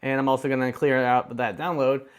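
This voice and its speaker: A man casually walking viewers through a software tutorial on screen, chatty and upbeat with playful asides, speaking into a close desk microphone. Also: medium pitch, level tone, brisk, clear, resonant tone. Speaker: tech tutorial host.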